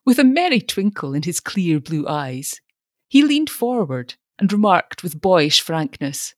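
A woman's voice: lowish voice, sing-song, a little slow, no room sound, studio quality. A woman narrating an audiobook, reading expressively.

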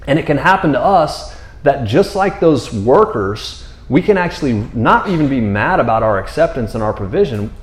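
A man teaching from the Bible in an earnest, rambling conversational sermon, repeating words and often checking in with his listeners. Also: mid-range voice. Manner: earnest, rambling, repeats words, often asks "you know what I mean?". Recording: roomy echo.

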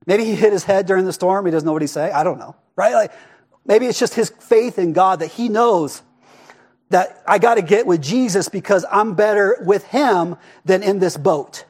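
Man, high voice, pastor, casual conversational sermon, rhetorical asides, hushed emphasis. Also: normal speed, husky. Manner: conversational preaching, frequent rhetorical "right?"; expressive, drops to a hush for emphasis.

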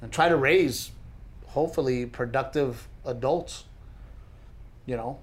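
A man's voice: mid-range voice, measured pace. A middle-aged man, a comedian co-hosting a podcast, chatting casually and telling jokey stories, often mimicking other people. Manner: joking, animated storyteller who mimics others. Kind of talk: casual chat.

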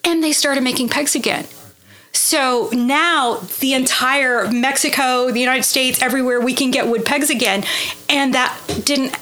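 A woman's voice: sits high, fairly even intonation, measured pace, bright, forceful tone. A woman from Oklahoma, a bootmaker, telling her stories earnestly and with enthusiasm as a guest. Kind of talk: conversational interview.

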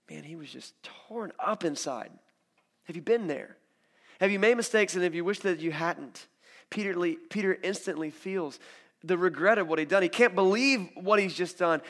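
Animated, chatty male preacher. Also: high voice. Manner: conversational, animated storytelling with acted quotes. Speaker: pastor. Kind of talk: sermon.

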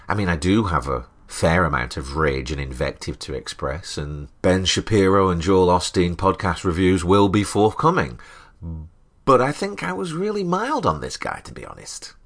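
A man's voice: low-pitched, animated, normal speed. A man hosting a podcast, reviewing other podcasts in a dry, matter-of-fact comedic monologue.

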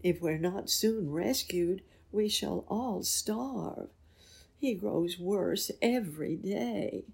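Brief: woman voicing a scared captive giantess, hushed and breathy, slow. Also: mid-range voice, pitched above the performer's own voice, full character voice. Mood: fearful. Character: frightened, tearful captive giantess.

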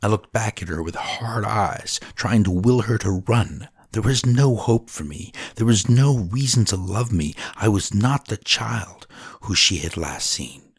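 A man with a deep, husky voice narrates a dramatic story solemnly and deliberately, sometimes sinking to a whisper. The recording is close and dry, with no room sound. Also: expressive, dry recording.

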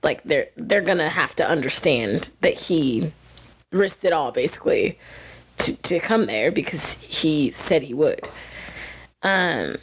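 A young woman co-hosting a podcast, talking casually about a TV episode, excitable and emotional, with lots of "like" fillers. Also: low-pitched, unhurried, breathy edge. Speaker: podcast co-host.

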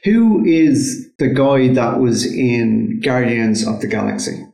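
A man's voice: medium pitch, slow, vocal fry, dark tone. A man in his forties from Ireland in a casual podcast chat, blunt and insistent, swearing freely. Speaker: podcast co-host. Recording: echoey room.

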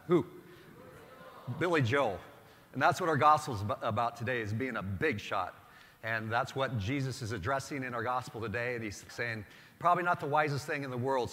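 A man gives a sermon as a priest in a conversational, emphatic way, often putting questions straight to the congregation. His voice sits at an ordinary middle pitch. A long reverb hangs on each phrase, as in a large church. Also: bright, forceful tone. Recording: echoey church hall.

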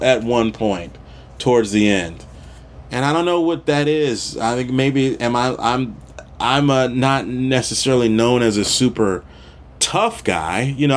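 A middle-aged man hosting a podcast, talking casually on his own in a rambling way, with restarts and asides. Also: mid-range voice. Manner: rambling, conversational, frequent restarts and asides, occasional profanity. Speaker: podcast host. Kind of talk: casual solo monologue.

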